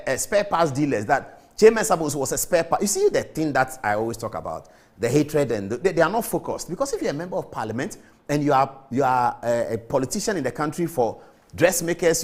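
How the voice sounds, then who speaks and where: Impassioned Ghanaian male TV host. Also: a little high. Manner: impassioned, emphatic, repetitive. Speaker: TV show host. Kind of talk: studio commentary.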